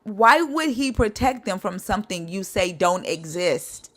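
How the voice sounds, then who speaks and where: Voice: medium pitch, animated, a little slow, fairly bright tone. A live-stream host debating a caller, asking blunt, pointed questions and pushing back hard.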